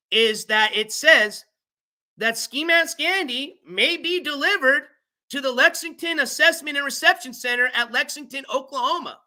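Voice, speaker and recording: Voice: high voice, sharp tone. A livestream host reading court papers aloud in a casual, chatty way, stopping to explain the legal wording and thanking channel members by name.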